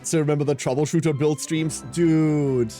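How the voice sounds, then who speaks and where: A man's voice: mid-range voice, big pitch swings, unhurried, darkish tone, soft background music. A man in his thirties streaming a game, chatting casually and rambling with self-mocking humour as he answers chat. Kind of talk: casual live-stream chat while gaming.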